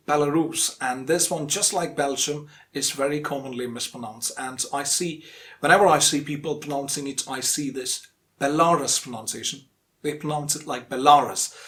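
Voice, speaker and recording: Patient pronunciation teacher, a man. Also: on the high side. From India. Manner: patient, repeats each word slowly and carefully. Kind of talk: instructional explanation.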